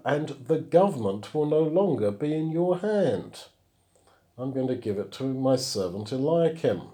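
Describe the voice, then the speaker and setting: Male Bible teacher, mellow tone, reads verses aloud and then explains them. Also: medium pitch.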